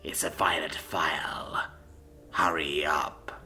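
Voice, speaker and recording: A man voicing a gaunt, stern giant of a father in a storybook reading, with a hoarse, whispery voice and slow, grim delivery. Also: very deep voice, fairly even intonation, sharp tone, soft background music, pitched below the performer's own voice, exaggerated voice. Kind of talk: storybook narration.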